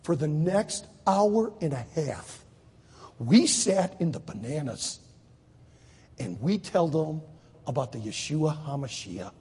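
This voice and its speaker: A man preaching a sermon to high school students, telling a story with lively acted voices. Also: takes it slowly, breathy edge, in a large hall. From United States. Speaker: Baptist preacher.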